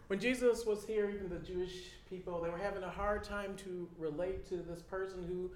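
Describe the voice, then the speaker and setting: A man preaching a sermon in an animated way, acting out people's reactions and repeating his key lines. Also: sits high, fairly quick, hardly any pauses, very noisy. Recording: echoey room.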